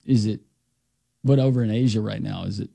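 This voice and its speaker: A man co-hosts a sports talk show and throws in quick joking asides. His voice is gravelly and husky, with a dark tone. It sounds dry and close, with almost no room echo. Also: lowish voice. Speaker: sports radio co-host.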